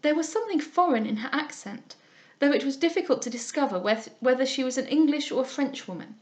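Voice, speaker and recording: A woman's voice: high-pitched, expressive, brisk. A woman reading a classic novel aloud, arch and playful in her asides. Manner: arch and playful when chatting.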